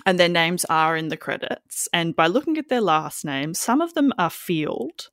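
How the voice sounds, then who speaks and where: A woman's voice: fairly low pitch, very animated, normal speed, a bit bright, dry recording, studio quality. A woman hosting a podcast, chatting casually and acting out quotes as she talks. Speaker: podcast host. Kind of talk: casual chat.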